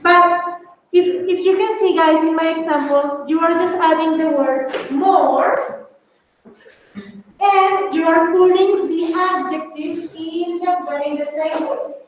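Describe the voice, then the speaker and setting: Teaching an English grammar class, a woman whose native language is Spanish blends Spanish into her explanations and calls her students babies. She speaks slowly in a very high voice. The room is echoey, she is far from the mic, and there's faint background noise.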